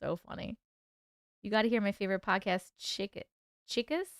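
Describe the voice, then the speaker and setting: This author hosts a laid-back livestream where she chats with viewers, voices their comments, and laughs a lot. She speaks at a moderate pace with medium pitch, and the recording is dry with clean studio sound.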